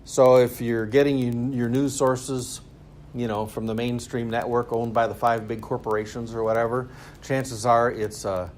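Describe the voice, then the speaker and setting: A man gives a loose, conversational lecture in a middle-pitched voice. He drifts between muttered low asides and sarcastic, animated swells, and he cracks jokes as he goes. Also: a little hiss or hum. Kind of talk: university lecture. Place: school lecture room.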